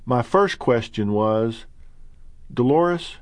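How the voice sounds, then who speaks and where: Male narrator, middle-aged, earnest and measured, bone-dry booth sound. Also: medium pitch, expressive, a little mellow, no echo. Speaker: narrator reading his own book. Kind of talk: audiobook narration.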